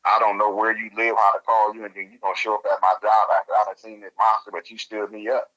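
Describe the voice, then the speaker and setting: Deep, bright-toned Louisiana man. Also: quick pace, poor audio. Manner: colloquial, animated storyteller. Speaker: guest researcher. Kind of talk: casual storytelling interview.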